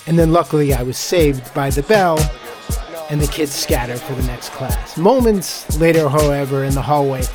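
A man's voice: a little high, moderate pace, over music. A man who is a teacher, telling a personal story in a theatrical, vivid way.

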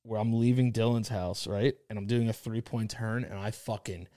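A man's voice: on the low side, fairly even intonation, normal speed, warm tone. A man co-hosting a podcast, telling stories in a loose, profane, casual way. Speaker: podcast co-host. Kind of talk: casual chat.

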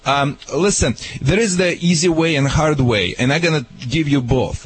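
A man's voice: a little high, moderate pace, husky, low-quality recording. A man giving confident, joking dog training advice to a caller on a radio show.

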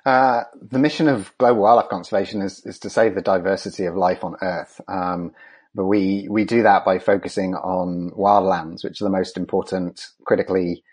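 A man, a conservation scientist, answering interview questions in a measured way with many ums and restarts. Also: low-pitched, fairly even intonation, a little mellow, slightly rough.

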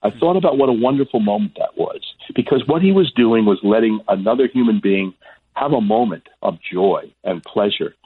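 60s guy on the phone telling stories, husky, dry tinny line. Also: on the low side, moderate pace, dry recording. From Florida, US. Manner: animated storyteller, stammers on restarts. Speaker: guest, sportscaster and author. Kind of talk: phone interview storytelling. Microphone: telephone.

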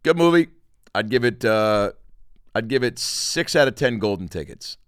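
A man's voice: on the low side, normal speed, a bit bright, no echo, clean studio sound. A man hosting a comedy podcast, chatting casually and rambling in a jokey way, also doing an ad read. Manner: rambling, jokey, lots of fillers.

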